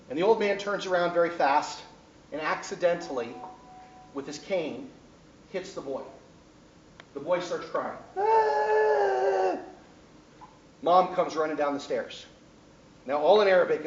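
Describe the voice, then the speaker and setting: A male lecturer whose voice is on the high side tells his class a story, moderately paced with long pauses, checking in with students often. The far-off recording of the echoey classroom is dull, with a little hiss or hum.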